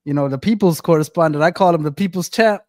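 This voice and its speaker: A man's voice: on the high side, quick pace, darkish tone, dry recording, studio quality. A man hosting a podcast in a casual, joking, slang-heavy way. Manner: laid-back, joking, slangy. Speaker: podcast host. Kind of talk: casual chat.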